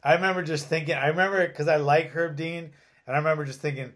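Podcast host guy, kinda high voice, excitable, swears a lot. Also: fast. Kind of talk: casual podcast chat.

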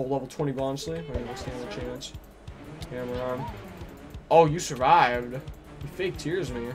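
A man streaming a game, chatting away to himself and his viewers at a middle pitch. He bursts out excitedly at the action, then drops back to muttering. Game music plays clearly underneath his voice. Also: a little slow, pauses often. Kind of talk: live gameplay commentary.

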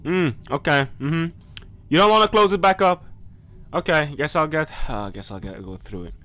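A man's voice: on the high side, animated, moderate pace, sharp tone, slight background noise. A man commentating a horror game playthrough, jumpy and nervous, talking himself through scares and speaking directly to viewers and game characters. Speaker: gaming YouTuber.

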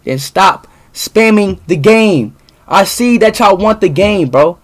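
A young man streaming live, ranting angrily at his chat with lots of swearing and sudden outbursts of shouting. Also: high-pitched, lively intonation, slow. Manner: angry profane ranting, bursts into shouting.

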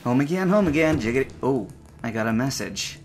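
A man voicing a stranded space survivor who mutters to himself in a halting way. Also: medium pitch, animated, soft background music, lightly acted. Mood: worried. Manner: talks to himself, halting, rising to panicked shouts. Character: stranded male space survivor, anxious and curious. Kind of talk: acted game narration.

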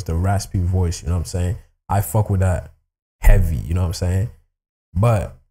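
A man's voice: fairly low pitch, warm tone. A man hosting a music reaction video in casual, slangy talk, full of fillers. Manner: loose slangy talk, constant "you know what I'm saying" fillers. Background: hip hop music.

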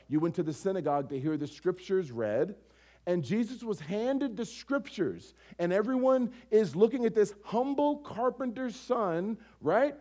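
High, mellow-voiced male pastor preaching. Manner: conversational, animated preaching with rhetorical questions. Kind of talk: sermon.

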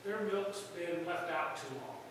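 A man preaching a sermon as pastor, in a folksy storytelling way that jumps into loud outbursts. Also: sits high, measured pace, noisy background. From United States. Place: church sanctuary. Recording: echoey hall from far off.

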